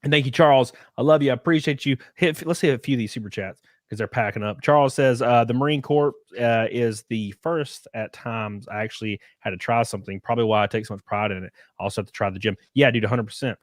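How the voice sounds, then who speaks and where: A man from Alabama with a thick Southern accent hosts a casual live stream, chatting loosely and cursing now and then in a loose, excitable way. His medium-pitched voice moves fast with few pauses, and the recording is clean studio sound with no room noise.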